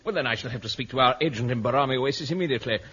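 An actor playing a smooth, mock-polite conman villain who drily insults his sidekick in a 1950s radio comedy. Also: medium pitch, rapid-fire, bright, forceful tone, big-room sound. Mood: scornful. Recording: dull old radio recording with hiss.

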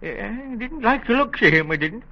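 An actor playing a shrewd, chatty old postmaster, folksy and chuckling, in 1940s radio acting. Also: male voice, extremely high pitch, big pitch swings, brisk, heavily acted. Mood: confiding. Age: older. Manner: folksy rural grammar, chuckling. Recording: dull old radio recording.

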